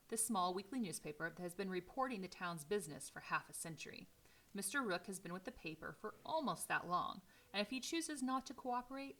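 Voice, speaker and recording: A woman teacher reading a novel aloud in a steady, clear storytelling way. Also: lowish voice.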